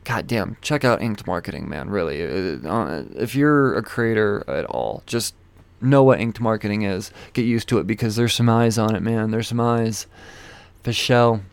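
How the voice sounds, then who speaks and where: A man's voice: on the low side, normal speed, creaky, clear, resonant tone, no echo. A man hosting a podcast, rambling through a loose, profane outro full of plugs. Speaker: podcast host.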